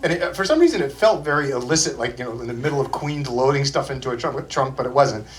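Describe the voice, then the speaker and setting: A man's voice: mid-range voice, lively intonation, fast. A man telling rambling anecdotes from a small club stage, hesitant and full of ums and restarts. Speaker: performer telling stories on stage.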